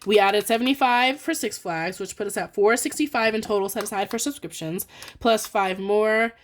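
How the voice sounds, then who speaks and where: A young woman chatting excitedly and quickly through a budgeting vlog, full of fillers and counting out cash. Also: mid-range voice, slight background noise. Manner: fast, excited, rambling with many "like" fillers. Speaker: budgeting vlogger. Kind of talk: casual chatty voice-over while cash stuffing.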